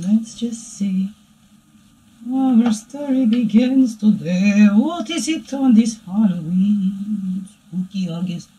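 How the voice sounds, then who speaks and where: A woman voicing her own playful alter-ego dark side, giving a rambling, chatty spiritual reading that keeps asking "right?". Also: mid-range voice, poor audio. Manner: rambling and chatty, tagging "right?" onto lines. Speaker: spiritual reader. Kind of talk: spiritual daily energy reading.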